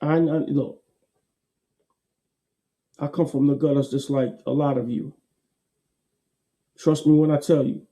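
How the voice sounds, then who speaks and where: A man gives a casual motivational talk. His tone is very dark and mellow, sitting a little high. He repeats his points emphatically in a folksy way. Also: steady tone, a little slow, long pauses. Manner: folksy, repetitive, emphatic with laughs.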